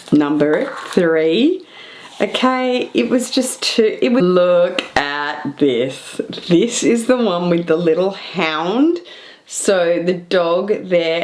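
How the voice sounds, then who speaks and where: Slow-talking excited woman vlogger. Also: lowish voice. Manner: excited, animated, drawn-out emphasis. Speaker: fashion vlogger. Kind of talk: casual haul chat to camera.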